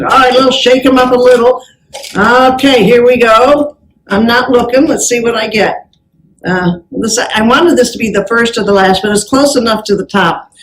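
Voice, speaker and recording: A woman giving a keynote talk on customer service. She tells her stories in a lively way, acts out the people she quotes and laughs often between phrases. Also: fairly high pitch. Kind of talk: keynote talk to a business audience. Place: event hall with an audience. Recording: roomy hall sound.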